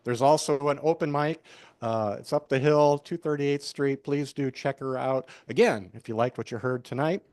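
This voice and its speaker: A man hosting a cafe open mic, making announcements with lots of halting fillers. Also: medium pitch, a little mellow, clean tone, no room sound, clean studio sound. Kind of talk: event announcements. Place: small cafe.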